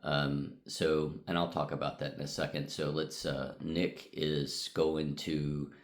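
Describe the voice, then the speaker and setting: A man's voice: extremely low pitch, little pitch movement, slow pace. A middle-aged man from the United States recording a casual vlog recap in his hotel room, talking in a rambling way with many ums and uhs. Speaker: vlogger.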